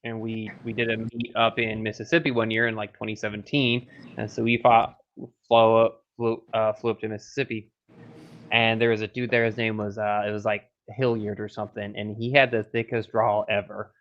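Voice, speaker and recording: A man's voice: fairly low pitch, little pitch movement, moderate pace, a bit bright. A man co-hosts a podcast and spins a chatty anecdote. His audio is a bit dull and muffled. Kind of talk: casual podcast chat.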